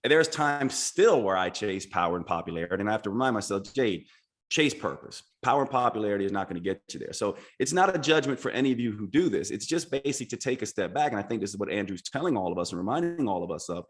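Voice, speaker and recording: A man's voice: lowish voice, big pitch swings, fast talker, few pauses. A man speaking as a podcast guest, explaining his ideas earnestly and in structured steps. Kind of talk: casual podcast conversation.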